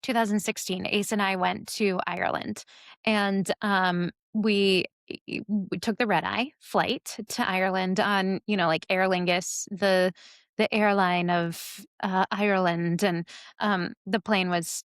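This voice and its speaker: A woman co-hosting a casual podcast, talking in a rambling way with plenty of fillers and easy laughs. Her voice sits at a middle pitch, recorded dry and close. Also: steady tone, measured pace, smooth, dry recording. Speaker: podcast co-host. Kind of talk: casual chat.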